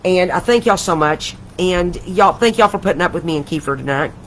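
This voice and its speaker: A woman's voice: lowish voice, expressive, a little fast, slight background noise, low-quality recording. An older woman, hosting a casual craft livestream from home, chatty and rambling, gushing with affection. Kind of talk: casual live craft chat.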